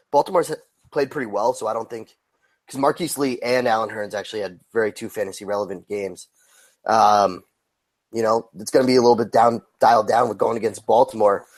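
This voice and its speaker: A relaxed man co-hosting a sports podcast, talking in an unhurried and easygoing way. His voice sits a little low. He often keeps his answers brief. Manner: laid-back, brief replies. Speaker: podcast co-host. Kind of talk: casual podcast chat.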